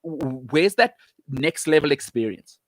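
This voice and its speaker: A man's voice: fairly high pitch, lively intonation, unhurried, no echo, studio quality. A man with a South African accent hosting a live stream, ranting with passion and emphasis and answering viewer comments. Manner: impassioned, emphatic, repeats for emphasis. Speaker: show host.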